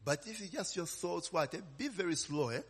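Animated and a little fast, a man with a slightly rough, fairly high voice gives an informal sermon. He speaks conversationally, tags lines with "eh?" and "amen?" and quizzes the congregation call-and-response style, heard through long reverb.

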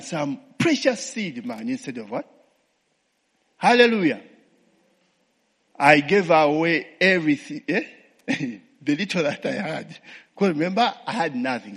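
A man's voice: fairly high pitch, slightly rough, long reverb tail. A man with a Ugandan accent gives a testimony sermon, tossing in call-and-response tags like "eh?" and "what?" and laughing to himself. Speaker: preacher.

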